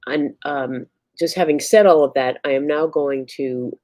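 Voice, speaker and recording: A woman's voice: deep voice, steady tone, normal speed, darkish tone, no room sound. A woman co-host and performer chatting casually and bubbly on a livestream video call.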